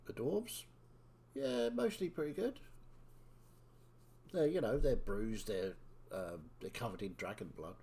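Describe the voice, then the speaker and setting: A man's voice: lowish voice, lively intonation, unhurried, long pauses, dark tone, slightly rough. A man narrating as dungeon master in a tabletop game, describing scenes in a loose, rambling way with lots of fillers.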